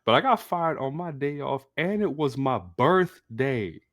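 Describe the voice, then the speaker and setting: A young man who co-hosts a podcast tells a story in a casual, chatty way, speaking a little slowly. He is an animated storyteller who acts out the quotes in a high voice.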